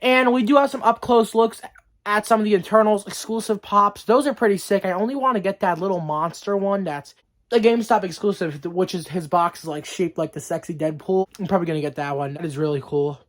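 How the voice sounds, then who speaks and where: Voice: medium pitch, brisk. A vlogger chatting casually through the hiccups, rambling with lots of fillers and restarts. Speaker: collectibles news vlogger. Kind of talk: casual vlog chat.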